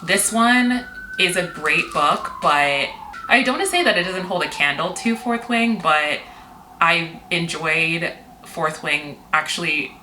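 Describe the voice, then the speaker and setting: A woman's voice: fairly low pitch, expressive, unhurried, pushed and bright. A woman in her thirties from Seattle, chatting candidly in a casual vlog, recorded on the camera mic in a room at home. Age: 30s. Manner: chatty, candid, swears and laughs easily. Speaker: vlogger. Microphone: camera mic, external mic not used. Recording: echoey room with faint noise.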